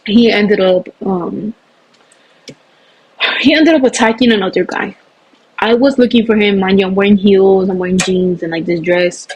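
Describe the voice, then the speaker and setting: A woman telling her own story in an emotional, animated way, acting out the voices of others. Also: mid-range voice, normal speed, pauses often, breathy edge, highs cut off. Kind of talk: personal storytelling.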